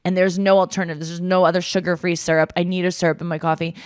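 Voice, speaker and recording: A woman's voice: lowish voice, little pitch movement, very fast, smooth, no room sound, clean studio sound. A woman hosting a podcast, chatting casually and rambling in a self-mocking way. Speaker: podcast host. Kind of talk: casual chat.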